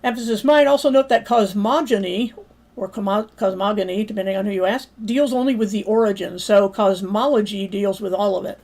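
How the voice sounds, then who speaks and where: A woman lecturing at a livestreamed Bible study, at a mid pitch for a woman. She argues her points step by step. She stops now and then to ask her viewers for comments. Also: a little mellow. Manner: argumentative, pausing to invite viewer comments.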